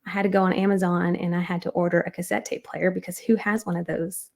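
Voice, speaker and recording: A woman's voice: on the low side, level tone, fast talker, gravelly, darkish tone. A woman guest earnestly telling a personal testimony in conversation, with frequent ums and restarts. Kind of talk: personal storytelling.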